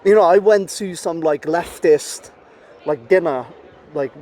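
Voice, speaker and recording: A man's voice: fairly high pitch, measured pace, dark tone. A man talking as a podcast guest in casual conversation, rambling with many fillers and swearing bluntly. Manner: rambling, heavy with "you know" and "like" fillers.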